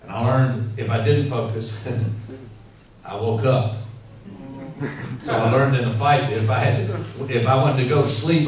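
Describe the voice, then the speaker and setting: A man preaching a sermon in a church, telling stories in an animated, rambling way full of fillers. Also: medium pitch. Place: church hall. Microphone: handheld mic. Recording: echoey hall, mic heard from far off, faint noise.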